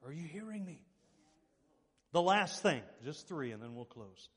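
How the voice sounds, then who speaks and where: In a large hall, a man with a fairly high, husky voice preaches at an unhurried pace. As pastor, he tells stories with animation, acting out what each person says.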